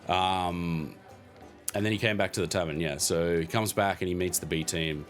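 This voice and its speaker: A man's voice: low voice, normal speed, faint music behind. A man hosting a podcast, casually recapping a tabletop game session in a rambling way, laughing now and then. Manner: rambling, many fillers, chuckles often.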